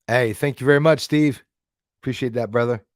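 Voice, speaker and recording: A man's voice: mid-range voice, brisk, no echo, studio quality. A man hosting a casual live stream, rambling as he reads out and thanks viewers in the chat. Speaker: livestream host.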